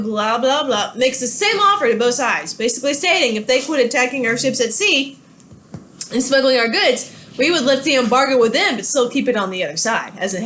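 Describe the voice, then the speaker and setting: Woman, casual history lecture, high voice, chatty, faint background noise. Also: lively intonation, fairly quick, a bit bright. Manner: chatty, easily distracted, talks to her dogs. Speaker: history teacher. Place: home with dogs.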